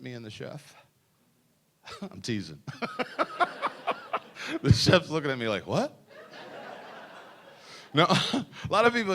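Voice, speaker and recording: Lively-pitched man doing stand-up. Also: a little hiss or hum. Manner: joking, teasing the audience. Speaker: stand-up comedian at a birthday party. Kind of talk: stand-up comedy routine. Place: party venue with a live audience.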